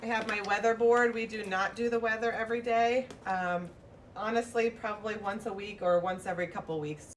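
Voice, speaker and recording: A woman's voice: mid-range voice, steady tone, brisk. A preschool teacher, a woman, walks through her classroom routine and drops into a sing-song teacher voice whenever she demonstrates. She is picked up from some distance in an indoor classroom, with a faint hum of background noise.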